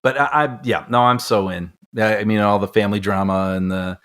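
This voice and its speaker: A man's voice: fairly low pitch, fairly even intonation, brisk, a bit bright. A man co-hosting a movie podcast, easygoing and enthusiastic in casual chat. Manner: easygoing, laughs often, enthusiastic. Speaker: podcast co-host.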